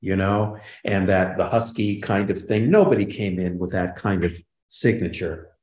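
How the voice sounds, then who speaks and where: A man's voice: low voice, moderate pace, a little mellow. An older man, a guest in a casual interview, telling stories animatedly and acting out quoted lines. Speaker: guest, sitcom writer and producer. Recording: roomy echo.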